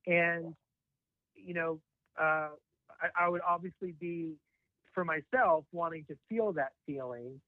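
Man, caller, hesitant, slightly high voice, tinny phone line. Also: unhurried, pauses often, no room sound. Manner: hesitant, many ums. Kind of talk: call-in conversation.

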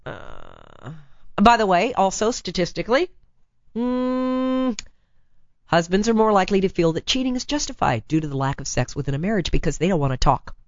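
A woman hosting a talk radio advice show, chatty, blunt and teasing, with a raspy, hoarse voice from laryngitis, talking into a studio microphone. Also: medium pitch, huge pitch swings, moderate pace, no room sound, lo-fi sound.

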